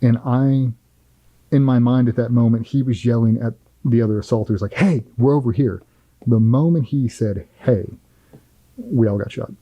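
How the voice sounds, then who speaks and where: Dark-voiced man telling a blunt war story. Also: mid-range voice, moderate pace, dry recording, lo-fi sound. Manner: blunt, profane, vivid storytelling. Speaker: former Navy SEAL guest. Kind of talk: firsthand war story in an interview.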